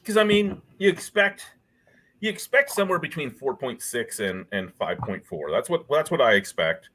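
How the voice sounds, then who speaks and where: A man's voice: medium pitch, animated, normal speed, fairly bright tone. A man in a casual beer chat, ranting with lots of swearing and exasperation. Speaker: guest.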